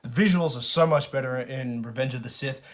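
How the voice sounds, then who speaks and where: Male reviewer, mid pitch, loose chatty delivery, lots of false starts and filler, casual swearing. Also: brisk. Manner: rambling, many restarts and fillers. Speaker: movie reviewer. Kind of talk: casual spoken film review.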